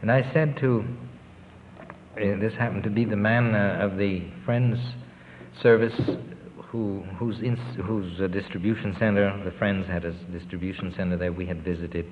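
A man's voice: lowish voice, fairly even intonation, a little hiss or hum. An older man, a relief worker, telling earnest, rambling stories of his work abroad in a recorded interview. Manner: rambling, earnest storytelling with pauses. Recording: tinny, lo-fi tape with long reverb.

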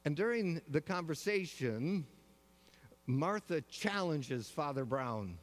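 A man preaching a sermon in a slightly high voice. He tells the story in measured phrases and lets weighty pauses hang. His words trail into a long reverb that rolls through the large hall. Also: expressive. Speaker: pastor.

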